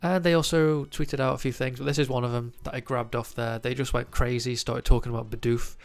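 A man with a stuffy, nasal voice from a cold chats through collecting news as the host of his own channel. His voice is gravelly and sits at an average pitch, and he fills the gaps with ums and uhs. Soft music plays quietly underneath. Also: fairly even intonation, a little fast. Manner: chatty, lots of ums and uhs. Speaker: trading card news host. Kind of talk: casual commentary to camera.

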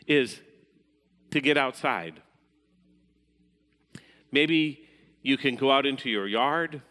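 A man preaching at a measured pace, his voice falling to a near-hush for quiet passages. It is a mid-pitched voice. A long reverb tail from the hall follows each phrase. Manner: measured, dropping to a hushed voice at times. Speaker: pastor. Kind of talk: sermon.

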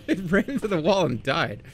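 A man commentating on games live, excitable and often breaking into laughter or shouting. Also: a little high, moderate pace, slight background noise. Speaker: streamer. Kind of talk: live game-stream commentary.

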